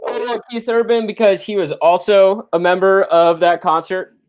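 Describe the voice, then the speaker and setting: A man's voice: high-pitched, fairly even intonation, clear, resonant tone. Joking man hosting an online quiz. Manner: joking, quick banter. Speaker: game show host. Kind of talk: casual online quiz show. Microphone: video call.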